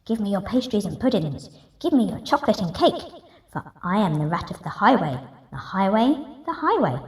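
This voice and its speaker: A woman voicing a greedy, boastful male rat highwayman in a gruff, swaggering voice, reading a picture book aloud. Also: big pitch swings, moderate pace, darkish tone, close to an everyday voice. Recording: roomy echo, distant mic.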